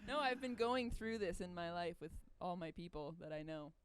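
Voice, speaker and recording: A woman's voice: on the low side, expressive, moderate pace, clear, resonant tone. A woman co-hosting a casual chat who speaks thoughtfully and joins in on the choruses. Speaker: co-host and harmony singer. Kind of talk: casual chat and backing vocals. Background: acoustic guitar.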